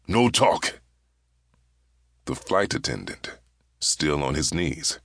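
Male audiobook narrator, very deep and gravelly, unhurried delivery. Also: fairly bright tone, dry recording, clean studio sound.

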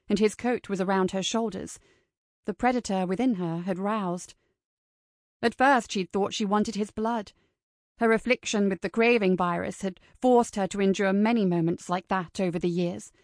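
Measured and expressive, a woman reads scripted audiobook narration in a mid-range voice. There's no room sound, just a clean studio recording.

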